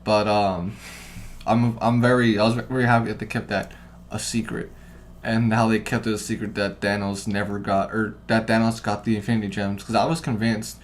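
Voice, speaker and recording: A man co-hosting a podcast in casual chat, rambling and swearing, getting loud when he retells what people said. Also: fairly low pitch, flat delivery, normal speed, a little hiss or hum. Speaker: podcast co-host.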